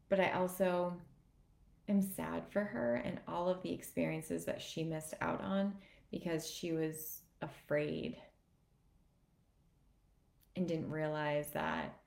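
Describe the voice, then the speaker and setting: A woman's voice: low voice, vocal fry, darkish tone. A woman fitness coach giving an earnest, emotional motivational talk on a live video. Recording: echoey room.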